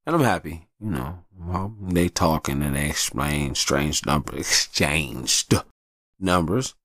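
In a bass voice at a slow pace, slightly bright, a podcast host shares personal stories candidly and casually, swearing freely and acting out voices. The recording is dry with clean studio sound.

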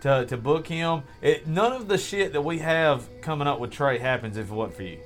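An enthusiastic man hosts a loose podcast, plugging upcoming gigs with profane energy. His voice runs a little high for a man. Music plays faintly beneath him. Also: animated, normal speed. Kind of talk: casual podcast chat.

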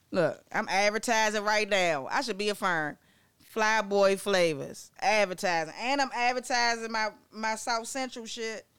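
A young woman from Maryland hosting a casual educational vlog, excitable and joking, often digressing and swearing as she talks. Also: mid-range voice, smooth, no echo, clean studio sound. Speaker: vlogger presenting facts on Black-owned businesses.

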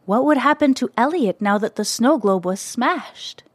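Woman reading kids story, gentle expressive, dry close mic. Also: fairly high pitch, normal speed, husky, no echo.

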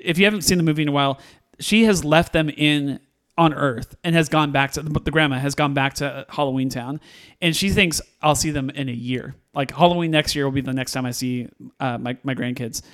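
A man with a somewhat high voice, chatting through a film review on a podcast. He is animated, laughs often and puts on the characters' lines as he retells scenes. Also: moderate pace. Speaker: podcast co-host. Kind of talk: casual movie review chat.

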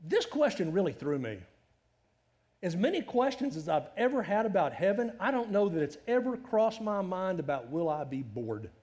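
A middle-aged man preaching a sermon in a conversational, animated way, full of rhetorical questions. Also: sits high, moderate pace. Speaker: pastor.

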